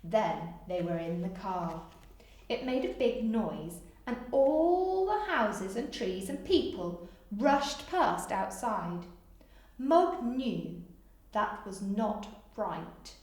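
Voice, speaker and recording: A woman reads a children's picture book aloud, slow and unhurried, with a fairly high, bright voice. Her delivery swoops up and down with animated, coaxing asides that invite the children to join in. The sound carries the echo of a bare room. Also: far from the mic. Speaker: storyteller for children. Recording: echoey room.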